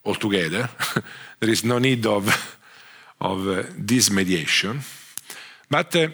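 A man with an Italian accent giving a conference lecture, speaking haltingly with frequent restarts and fillers. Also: lowish voice, fairly bright tone, breathy edge. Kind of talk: conference talk.

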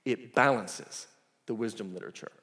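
A male pastor delivering a sermon, telling the story in a lively, casual way with asides. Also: lowish voice, normal speed. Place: church sanctuary. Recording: echoey church hall.

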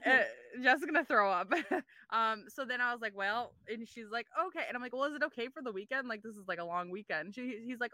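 A woman co-hosting a podcast, telling a story in casual chat, animated and swearing freely as she acts out dialogue. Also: a little high, quick pace, few pauses, slight background noise. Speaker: podcast co-host.

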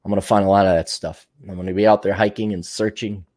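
A man's voice: sits low, level tone, fast talker, a little mellow. A man hosting his show, talking in a casual, digressive monologue, laughing often and swearing freely. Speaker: show host.

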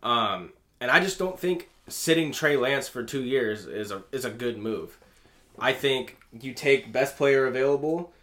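A man with a mid-range voice joins a casual sports podcast chat. He speaks in a measured, agreeable way and lays out his reasoning calmly. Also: medium pitch. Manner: measured, agreeable, short replies. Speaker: podcast co-host.

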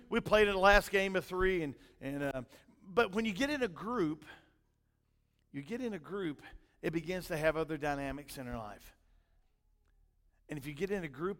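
A middle-aged man, preaching a sermon in a folksy storytelling way, his loudness rising and falling. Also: sits high. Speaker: pastor. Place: church sanctuary. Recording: long hall reverb.

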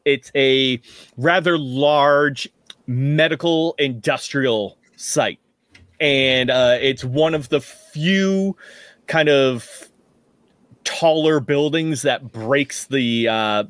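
A man serving as game master, narrating a tabletop role-playing game in a relaxed, laughing way. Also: mid-range voice, takes it slowly, no room sound.

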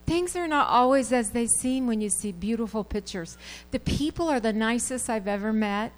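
A woman's voice: on the high side, animated, moderate pace, poor audio. A woman in a church service giving an earnest, conversational testimony about a trip abroad. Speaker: church member giving a report.

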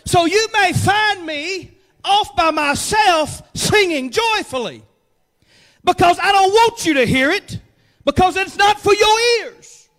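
A man preaching from the pulpit in a very high, bright, forceful voice. He moves between hushed, folksy jokes and shouted bursts of fervor. It is a lively, heartfelt church sermon. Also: slow. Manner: fervent preaching that swings from quiet asides to shouted peaks; joking, folksy asides. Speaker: pastor.

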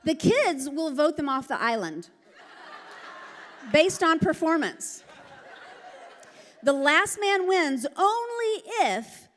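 A middle-aged woman preaching a lively, joking sermon. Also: sits high, slow, pauses often, slight background noise. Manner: lively, joking, laughs often. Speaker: pastor. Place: large church hall. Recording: long hall reverb.

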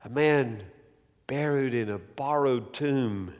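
A male preacher delivering a sermon slowly and emphatically, repeating key phrases for weight. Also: mid-range voice, darkish tone. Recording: long hall reverb.

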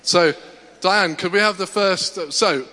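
A man's voice: high voice, unhurried, pushed and bright. A man leading a church congregation through a greeting game, encouraging and jokey. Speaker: church service leader. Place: large church hall. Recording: reverberant church hall.

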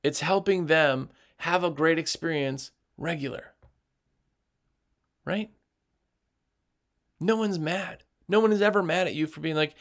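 A man's voice: fairly high pitch, measured pace, long pauses. A man who runs a window cleaning business, giving direct, emphatic advice to other business owners and acting out what customers say. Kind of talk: motivational business talk.

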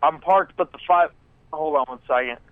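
A man's voice: on the high side, moderate pace, no room sound. A man calling in to a show, rambling and profane. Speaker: caller. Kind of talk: casual call-in chat. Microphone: phone call from a parked car. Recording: tinny phone line.

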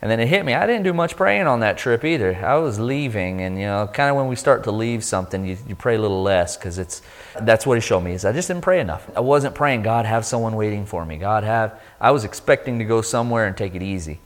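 A man giving a sermon testimony, telling his story with lively energy and acting out the voices of people he met. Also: lowish voice, fast talker. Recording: long hall reverb.

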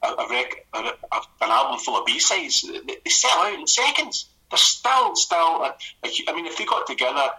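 A middle-aged Scottish man, a comedy writer, telling stories in a casual radio conversation with quick restarts and laughs. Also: on the high side, rough recording. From Scotland. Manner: rapid, animated storytelling with restarts and laughs.

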